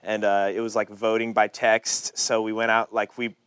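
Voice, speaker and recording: Young guy rambling on a podcast, smooth voice, dry close sound. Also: fairly low pitch, normal speed, dry recording. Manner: relaxed, rambling with many fillers. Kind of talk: casual chat.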